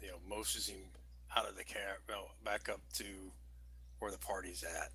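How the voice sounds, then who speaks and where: A man's voice: deep voice, fairly even intonation, normal speed, creaky, bright, forceful tone, slight background noise. A man playing a tabletop game over voice chat, describing his character's moves matter-of-factly in the third person. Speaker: player.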